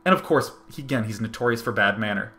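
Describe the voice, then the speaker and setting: A man's voice: lowish voice, fast. A young man hosting his own show, telling a personal story in a casual, rambling monologue full of restarts. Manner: animated, rambling, many restarts. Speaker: host.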